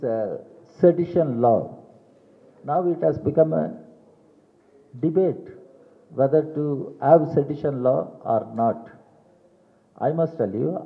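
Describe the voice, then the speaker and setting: An older man with an Indian English accent delivers a press statement at a measured, very slow pace, leaning hard on each key phrase and repeating it. The sound is narrow and tinny, as if heard down a phone line, and it carries a long echo from a big hall. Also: mid-range voice. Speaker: party general secretary at a press conference.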